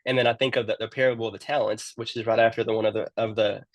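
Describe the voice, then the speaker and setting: A man's voice: fairly low pitch, little pitch movement, racing, no room sound. A man who works in youth ministry, telling his story in a casual interview and often repeating words as he starts a sentence.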